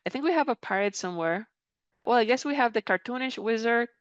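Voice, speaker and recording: Woman, live tutorial presenter, conversational, encouraging, smooth clear voice, dry close sound. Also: fairly high pitch, expressive, fast talker, dry recording. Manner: conversational and encouraging, reads viewer comments aloud. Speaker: creator program mentor presenting a live session. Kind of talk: live software tutorial, answering chat questions. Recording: slightly dull, dry audio.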